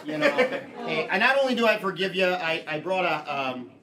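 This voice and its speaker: A man performing an improvised comedy scene who rambles with lots of fillers and then fires off quick questions. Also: high-pitched, lively intonation, heavy background noise. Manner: rambling, filler-heavy, turns to rapid-fire questioning. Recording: live stage, mic far off, loud audience.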